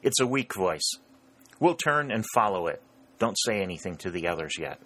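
A grave army colonel in a storybook, giving short, firm orders, as a man reads him. The voice is very low and crisp. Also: big pitch swings, normal speed, pushed and bright, heavily acted.

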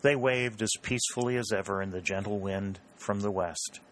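Male audiobook narrator, lowish voice, steady and measured. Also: a little hiss or hum. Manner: measured, even storytelling. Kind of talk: scripted narration of a novel.

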